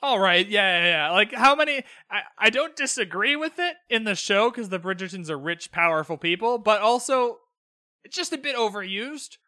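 A young man with a high, lively voice recaps a show on his own podcast mic. His tone is bright and sarcastic, and he swears freely. The sound is dry and close. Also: normal speed, no echo. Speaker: podcast host. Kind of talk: casual recap commentary. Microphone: own podcast microphone.

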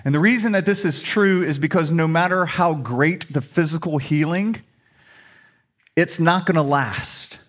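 A man's voice: on the high side, a little slow, fairly bright tone. A middle-aged male pastor preaching a sermon in a humorous, conversational storytelling way.

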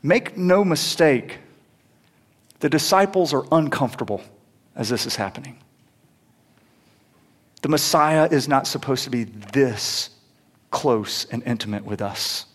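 A man's voice: mid-range voice, lively intonation, a little slow, long pauses, fairly bright tone. A young adult man preaching a sermon in a conversational way, stumbling on restarts and rising into emphatic peaks. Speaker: pastor.

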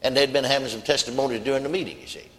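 A man's voice: mid-range voice, racing, fairly bright tone. A man preaching a sermon, telling a story in a folksy, emphatic way. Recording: long hall reverb.

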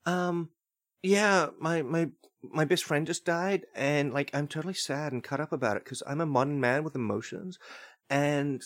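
Guy playing chill surfer-bro romeo, drawly, says like a lot, kinda soft and mopey. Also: on the high side, normal speed, natural voice. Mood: mock-sorrowful. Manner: drawling, full of "like" and "dude". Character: laid-back surfer-dude Romeo, young male.

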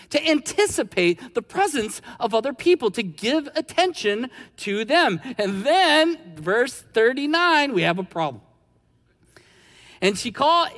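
Lively man, sermon, chatty storytelling, long church-hall reverb. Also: very high-pitched. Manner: animated, conversational storytelling. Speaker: pastor.

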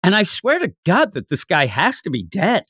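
Animated man recapping comics, dry sound. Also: high-pitched, slightly rough, dry recording. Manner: animated, recapping with quick asides. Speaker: podcast host. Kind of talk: casual manga review chat.

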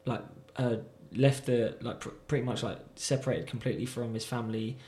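A man's voice: medium pitch, steady tone, a little fast, dark tone. A man chatting casually as a podcast co-host, telling stories animatedly with many fillers. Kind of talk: casual chat. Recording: roomy echo.

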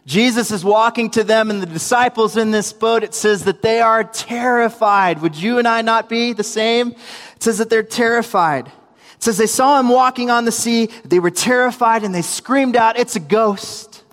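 A young male preacher and youth minister with a high voice delivers a sermon at normal speed in a reverberant hall. He tells stories animatedly, acting out quotes and adding humorous asides.

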